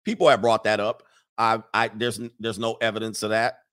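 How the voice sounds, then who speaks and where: A man's voice: fairly low pitch, flat delivery, a little fast, fairly bright tone. A man hosting a casual livestream, talking emphatically with many fillers and restarts and reading chat comments aloud.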